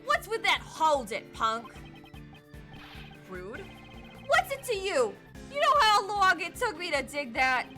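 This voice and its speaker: A woman plays a brash, defiant male convict from a video game, barking in a put-on Brooklyn accent. The voice sits high and bright, with lively swings in pitch. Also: takes it slowly, pauses often, faint music behind, exaggerated voice. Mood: indignant. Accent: mock Brooklyn. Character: tough gruff male prison escapee. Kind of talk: reading game dialogue aloud.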